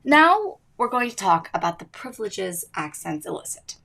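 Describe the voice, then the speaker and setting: A woman's voice: mid-range voice, very animated, normal speed, vocal fry, bright, forceful tone. A teenage girl hosting her own podcast, narrating with emphatic, swooping delivery. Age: teens. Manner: emphatic, rising and falling delivery. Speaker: student podcast host.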